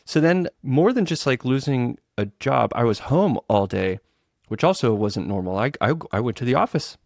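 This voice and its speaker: A middle-aged man co-hosting a podcast in casual chat, telling stories and acting out quoted lines with big jumps in pitch. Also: animated, normal speed, vocal fry, a little mellow, dry recording, studio quality. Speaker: guest co-host, web developer.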